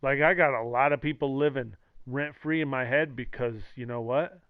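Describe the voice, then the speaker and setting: A man's voice: medium pitch, fairly even intonation, moderate pace, no room sound. A man streaming, rambling casually with sarcastic jokes and acted-out quotes. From the Valley. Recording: dull lo-fi mic, dry.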